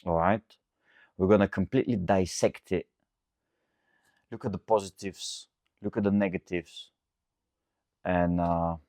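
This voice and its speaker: A man who is a coach hosting his own solo podcast, talking casually and venting with animated asides and self-corrections. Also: low-pitched, no echo, studio quality.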